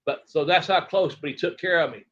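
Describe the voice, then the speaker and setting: A middle-aged man from Tennessee, a retired wrestler telling rambling, animated stories as an interview guest and acting out other people's lines. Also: on the high side, a little fast. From Tennessee, USA. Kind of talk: casual storytelling interview. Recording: dull lo-fi audio.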